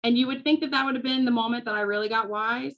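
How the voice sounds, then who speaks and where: Woman, forties, casual talk, lively storytelling, laughs often. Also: fairly high pitch, fast talker, muffled recording. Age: 40s. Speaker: small business coach. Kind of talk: casual talk to a live audience.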